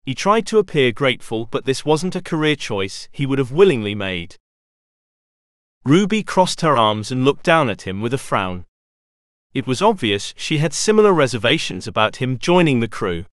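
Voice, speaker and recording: A male audiobook narrator with a mid-range voice reads a children's adventure story in a measured, expressive manner. It's scripted storybook narration, recorded at studio quality with no echo.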